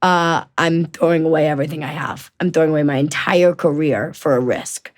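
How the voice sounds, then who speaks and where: A woman's voice: low voice, brisk. A woman in her twenties, a podcast guest telling stories animatedly, often restarting and acting out what people said. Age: 20s. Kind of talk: casual storytelling interview.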